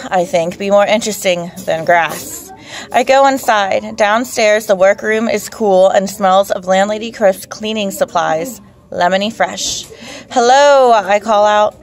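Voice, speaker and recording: A woman narrates a first-person children's story in a calm, measured way. Her voice sits in a middle pitch, and her storytelling is steady and unhurried. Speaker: audiobook narrator.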